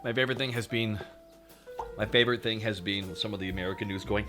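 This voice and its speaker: A young Canadian man with a bright, forceful voice rants to his stream chat while he plays. He swears freely and talks off the cuff in a Canadian accent. Faint game music plays under his voice. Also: on the low side, steady tone, fast. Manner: profane, ranting, talks to chat. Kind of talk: casual gaming stream chat.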